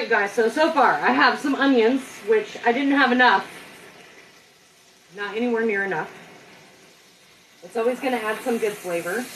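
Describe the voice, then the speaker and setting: A woman's voice: fairly high pitch, a bit bright, echoey room, far from the mic, a little hiss or hum, poor audio. A woman chatting casually with her viewers as she cooks a simple meal on a live stream at home, talking to them directly and poking fun at herself. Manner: chatty and self-deprecating, talks to viewers directly. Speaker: home cook hosting a live cooking stream. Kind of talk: casual live cooking chat. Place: home kitchen.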